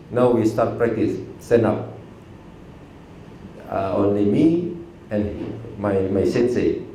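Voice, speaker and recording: Man telling a story in a roomy cafe. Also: on the low side. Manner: lively storytelling in simple broken English, chuckling. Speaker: aikido teacher giving a talk. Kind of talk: storytelling talk to an audience. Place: cafe venue. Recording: very echoey room, distant mic, faint noise.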